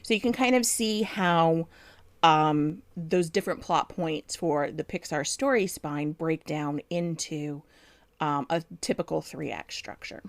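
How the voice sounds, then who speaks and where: A low-pitched woman speaks unhurriedly, with no room sound in the recording. She co-hosts a chat show and works as a book editor, explaining writing craft thoughtfully with frequent ums.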